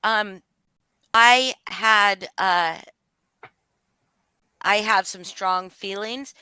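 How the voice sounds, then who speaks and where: Woman, fired-up livestream confrontation, profane and heated, bright voice, dry close sound. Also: mid-range voice, very slow, smooth, no room sound. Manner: angry, profane, voice rising and falling. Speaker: livestream guest speaking out. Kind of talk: emotional live-stream confrontation.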